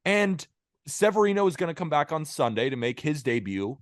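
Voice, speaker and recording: A man co-hosting a sports podcast into a podcast microphone, his voice swinging widely in pitch. He rants in a heated, emphatic way that builds as he goes. The recording is close and dry. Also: big pitch swings, brisk, dry recording. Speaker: co-host. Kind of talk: casual sports podcast chat.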